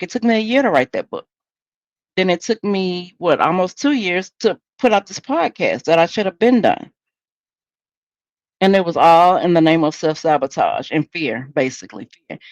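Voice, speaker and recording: A woman's voice: low-pitched, dry recording, dull audio. A woman hosting a solo podcast in a candid, conversational, preachy way. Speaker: podcast host.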